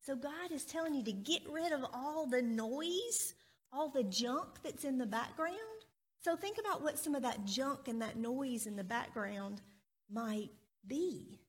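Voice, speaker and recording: Woman, children's minister: high voice, slow and friendly, sermon for kids in a church, lots of questions to the children. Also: animated, slightly rough. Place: church sanctuary.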